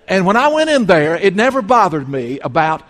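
A man preaching a sermon as pastor, telling folksy stories and swinging between loud and hushed. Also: sits high, sing-song, normal speed, in a large hall. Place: church sanctuary.

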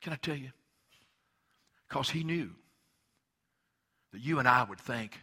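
A man preaching a sermon as pastor, going from quiet explanation to loud, impassioned preaching. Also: mid-range voice, expressive, a little slow, long pauses, breathy edge.

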